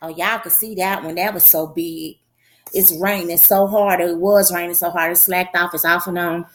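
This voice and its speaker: A woman's voice: lowish voice, steady tone, moderate pace, a bit bright. A woman prophetess hosting her own show, giving a casual religious talk in a folksy, conversational way with a preaching lilt.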